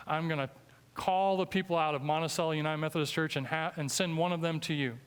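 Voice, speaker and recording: A man with a Midwestern American accent preaches a sermon in a church sanctuary, his voice a little higher than most and clear and smooth. He sounds earnest and emphatic, and he slows down for scripture. A long reverb trails each phrase through the hall. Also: fairly even intonation. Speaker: guest preacher.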